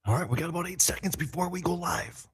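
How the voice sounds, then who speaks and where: Male podcast host, casual and profane, lively pitch, raspy, recorded in an echoey big room. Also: quick pace. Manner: loose, profane, talks to himself while setting up. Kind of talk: casual pre-show chat.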